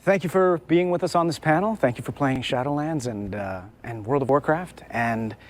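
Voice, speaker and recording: A voice actor on a panel giving a soft-spoken farewell. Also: male voice, mid-range voice, moderate pace, slight background noise. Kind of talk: panel chat.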